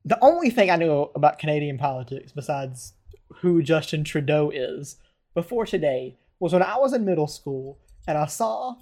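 A man's voice: fairly high pitch, normal speed. A man in his twenties from the United States, telling rambling stories over a video call in casual chat. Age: 20s. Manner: rambling, animated storytelling with laughs.

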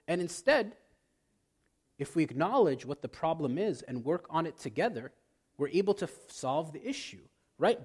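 A man's voice: high-pitched, slightly rough. A man, a priest, preaching a sermon and acting out arguments between spouses. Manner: animated, acts out quarrels in quoted voices.

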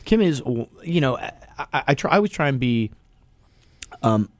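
A man's voice: mid-range voice, very animated, moderate pace, no room sound. A man hosting a casual local radio show, talking loosely with restarts and easy laughs. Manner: rambling, restarts, laughs easily.

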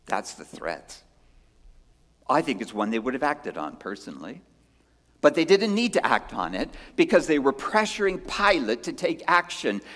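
Earnest preaching man, lively pitch. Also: moderate pace. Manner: earnest, swings between loud emphasis and hushed lines, asks rhetorical questions. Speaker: pastor. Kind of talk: sermon. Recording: long hall reverb.

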